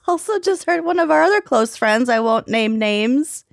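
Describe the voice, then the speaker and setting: A woman's voice: high-pitched, lively intonation, normal speed, creaky, dry recording, studio quality. A woman in her thirties with a Minnesotan accent, co-hosting a podcast in casual, jokey chat and laughing often. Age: 30s. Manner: giggly, jokey. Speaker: podcast co-host.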